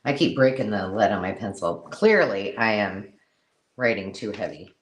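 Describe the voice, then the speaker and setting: A woman hosting a live-stream craft sale, chatty and excitable, counting items aloud as she shows them. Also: a bass voice, moderate pace. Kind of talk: casual live-stream selling chat.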